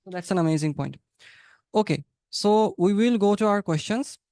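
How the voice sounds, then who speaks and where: A man hosting a webinar in a smooth, clear voice pitched a little high. He sums up points warmly and calls on participants to speak. The sound is close and dry. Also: moderate pace, dry recording. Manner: encouraging, invites speakers by name. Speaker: webinar host. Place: online webinar.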